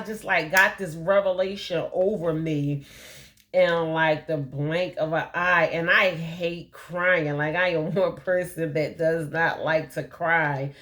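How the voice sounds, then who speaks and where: Candid woman with a lowish voice. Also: slow, fairly bright tone. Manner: candid, rambling, many fillers; laughs often while telling her story. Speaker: motivational speaker. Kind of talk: personal testimony talk.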